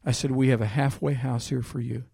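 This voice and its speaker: A man preaching a sermon, reading scripture aloud with loud emphasis and telling a personal story in a quieter voice. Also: medium pitch, level tone, fairly quick, creaky, slightly rough, no room sound, studio quality.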